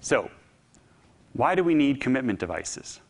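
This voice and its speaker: A man giving a public talk, telling a story with humor and lively delivery. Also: mid-range voice, a little slow, vocal fry. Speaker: speaker.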